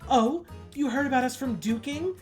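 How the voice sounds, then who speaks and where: A woman's voice: high voice, normal speed, faint music behind, voice pushed up, close to an everyday voice. A woman reading the lines of a worried guard who blocks the way and asks for care. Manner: earnest, worried.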